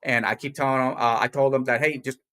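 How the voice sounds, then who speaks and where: A man's voice: medium pitch, level tone, fast talker, pushed and bright, clear, resonant tone. A man co-hosting a casual morning talk show, rambling and blunt, often repeating his own words. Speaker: show co-host.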